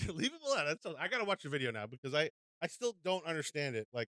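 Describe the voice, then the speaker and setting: A man's voice: a little high, sing-song, fast talker, pushed and bright, no echo. A man as a podcast guest in casual chat, laughing often, swearing and saying bro.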